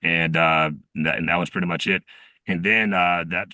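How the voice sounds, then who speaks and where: Man, very deep and monotone, bright edge to the voice, rambling call-in recap. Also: no room sound. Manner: rambling, halting with fillers and restarts. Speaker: team member sharing a reflection. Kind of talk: casual storytelling on a group call.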